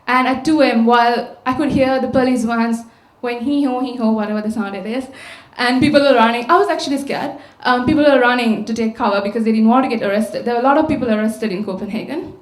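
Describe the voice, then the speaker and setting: Sri woman speaker, slightly high voice, storytelling in an echoey hall, rhetorical questions. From Sri Lanka. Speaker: conference speaker. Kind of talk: public talk. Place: large auditorium. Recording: echoey auditorium sound.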